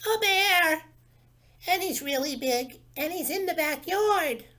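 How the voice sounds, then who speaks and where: Storybook kid: excitable young boy, lively, from a bit off-mic, a man voicing him. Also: extremely high pitch, slow pace, pitched above the performer's own voice, heavily acted. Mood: excited.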